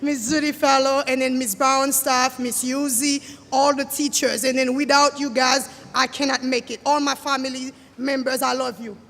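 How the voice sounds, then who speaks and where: A nervous graduate giving a halting thank-you speech, stumbling over names. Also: high-pitched, little pitch movement, fairly bright tone, in a large hall, slight background noise.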